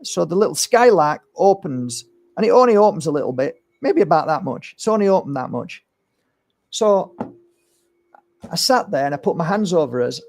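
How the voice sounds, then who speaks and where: A middle-aged man, an energy healer talking to his audience in a casual, animated monologue, sometimes swearing and acting out what people said. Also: on the high side, a little hiss or hum. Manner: animated storytelling, swears, acts out voices. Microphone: streaming setup.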